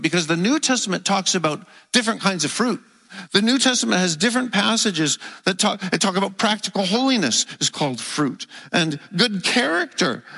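A preacher with a high, raised voice, bright and forceful, gives a teaching sermon in a church. He explains things point by point and stretches out key words for emphasis, while the hall adds a long reverb.

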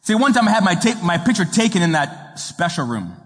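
A man preaching a sermon as a guest pastor, telling jokes and stories with halting restarts. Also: high voice, very animated, slightly rough, in a large hall. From raised in an Italian home. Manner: joking storyteller, halting restarts. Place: church sanctuary.

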